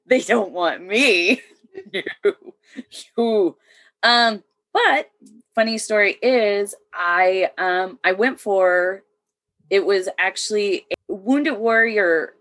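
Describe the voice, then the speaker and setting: A woman's voice: lowish voice, a bit bright. A woman in her thirties, a military veteran, talking as a guest in a casual chat and often laughing between sentences. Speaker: podcast guest.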